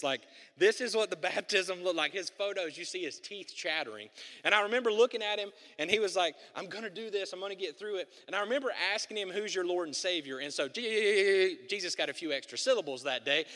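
Male pastor, high bright tone, earnest sermon with rising repetition, long church reverb. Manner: earnest, building to emphatic repetition. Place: church sanctuary.

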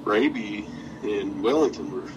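A man's voice: on the low side, a little slow, highs cut off, noisy background. A man telling wrestling stories in a casual interview, swearing freely and laughing often as he talks. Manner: profane, laughing, animated storytelling.

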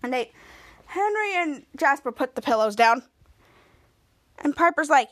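A woman's voice: high-pitched, big pitch swings, unhurried, long pauses, a bit bright. A woman hosting a podcast, recapping a TV episode in a rambling way, stringing scenes together with "and then" and "like" and often restarting her sentences. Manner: frequent restarts and self-corrections. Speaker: podcast host.

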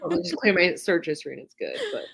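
Lower-voiced woman, swearing, animated storytelling. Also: quick pace, vocal fry, breathy edge. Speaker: podcast co-host. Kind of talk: casual chat.

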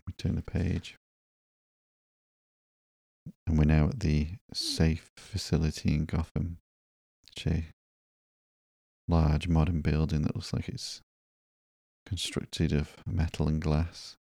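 Brief: male host, slow sleep-story comic reading, very low, flat pitch, dry close mic. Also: creaky, dry recording. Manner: soft, monotone narration. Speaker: podcast host.

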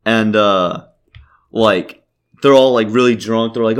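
A man's voice: lowish voice, slow, clean tone. A young man casually telling a long, profane story on a podcast, packed with "like" fillers and laughing as he goes. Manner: rambling, profane, many "like" fillers.

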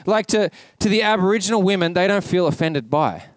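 A man's voice: high-pitched, animated, a little fast, dry recording. A man with an Australian accent preaching a casual, conversational sermon in church, telling stories in a chatty way full of "like". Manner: chatty storytelling, peppered with "like". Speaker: pastor.

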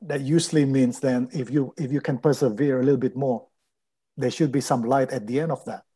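A man's voice: medium pitch, fairly even intonation, brisk, mellow, slightly rough. A man hosting an interview, asking probing questions and giving frequent affirming replies. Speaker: podcast host and interviewer. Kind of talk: interview conversation.

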